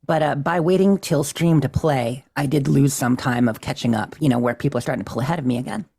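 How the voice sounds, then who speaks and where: This chatty podcast co-host recaps a game playthrough in a medium, slightly mellow, husky voice with vocal fry and a quick pace. The tone is easygoing and self-deprecating, with frequent laughs.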